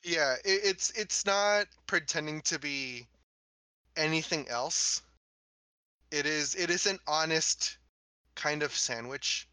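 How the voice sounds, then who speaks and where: A young man chatting casually as a podcast co-host, laid-back with lots of fillers and quick bursts of speech. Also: on the high side, pushed and bright, clean tone, dry recording, low-quality recording. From Los Angeles area. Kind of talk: casual chat.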